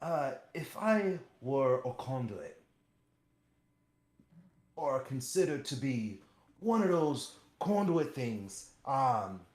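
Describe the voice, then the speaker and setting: A man's voice: mid-range voice, big pitch swings, slow, long pauses. A man playing a tabletop game, talking in a rambling, playful way. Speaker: player. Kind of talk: casual tabletop role-play. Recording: echoey room.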